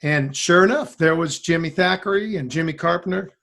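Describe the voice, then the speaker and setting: High-voiced man telling a rambling story. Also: brisk, vocal fry. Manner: rambling, animated, acts out quoted lines. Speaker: guest musician. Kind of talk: casual storytelling.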